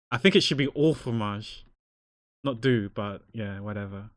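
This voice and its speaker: A man's voice: lowish voice, measured pace, no echo, studio quality. A man chatting casually with his viewers while drawing on a livestream, rambling and joking. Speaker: art streamer.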